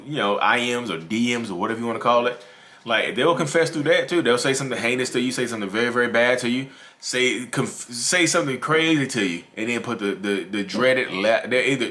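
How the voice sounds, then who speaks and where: On his own YouTube channel, a man speaks about narcissism in a relaxed, to-camera style. His mid-range voice sounds bright and forceful, he repeats himself, and he addresses his viewers as "y'all."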